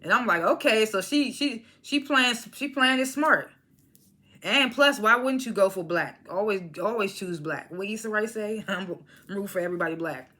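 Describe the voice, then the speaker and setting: Casual, bright-voiced woman recapping a show. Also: medium pitch, moderate pace. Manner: animated retelling, acts out characters' lines, frequent laughs. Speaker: TV episode reviewer.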